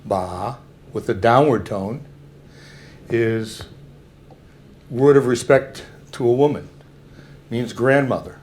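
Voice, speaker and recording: Slow older guy giving a talk, explains step by step, middle pitch. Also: a little mellow, slight background noise. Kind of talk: public talk with slides.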